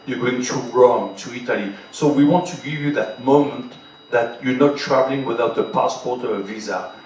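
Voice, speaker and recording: A French-accented man talks to a live audience in his second language, lively and persuasive. His voice sits at a middle pitch. The sound is distant and echoey, with faint hiss under it. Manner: animated, speaks straight to the audience, repeats "trust me". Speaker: cruise beverage director on a panel. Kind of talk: panel talk to a live audience. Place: large hall with an audience. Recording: echoey hall, distant mic, faint noise.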